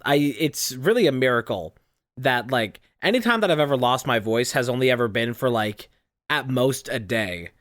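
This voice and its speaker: A podcast co-host who speaks easily from the chest in a mid-pitched, unstrained register. The delivery is casual and unhurried, and the recording is close and dry. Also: no echo. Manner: relaxed chest-voice talk. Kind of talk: casual chat.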